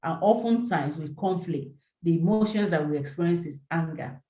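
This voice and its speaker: A woman's voice: on the low side, moderate pace, reverberant, background noise. A woman presenting a relationship seminar in a live teaching talk, earnest and peppered with "you know".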